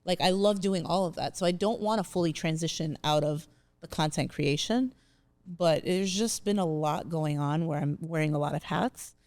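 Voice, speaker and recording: A woman's voice: deep voice, normal speed, darkish tone, dry recording. A young woman comedian talking casually in an interview, chatty and open. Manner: chatty, emotional, laughs through tears.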